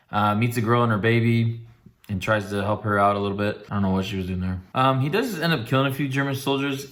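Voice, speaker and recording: A man's voice: mid-range voice, fairly bright tone. A man giving a casual spoken movie review in a laid-back, rambling way with wry asides.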